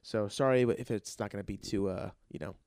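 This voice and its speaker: Excitable young man telling a story. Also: lowish voice, fairly quick, dry recording, clean studio sound. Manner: excitable, profane, rambling with restarts. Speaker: podcast host and aspiring comedian. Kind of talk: casual comedic storytelling.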